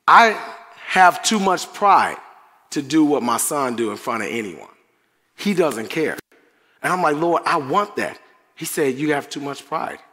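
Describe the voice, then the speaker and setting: A middle-aged man preaching a conversational sermon with animated asides and frequent laughter. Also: on the high side. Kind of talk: sermon devotional. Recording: reverberant church hall.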